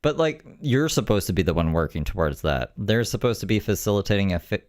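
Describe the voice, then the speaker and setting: A man's voice: fairly low pitch, animated, fairly quick, few pauses, darkish tone. A man hosting a reaction video, giving casual commentary with sarcastic, wry asides.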